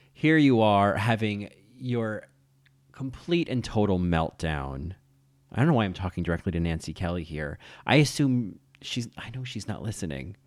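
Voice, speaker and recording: Campy, enthusiastic male film podcaster, low voice, dry close sound. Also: no room sound. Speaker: podcast host. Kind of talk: casual film commentary.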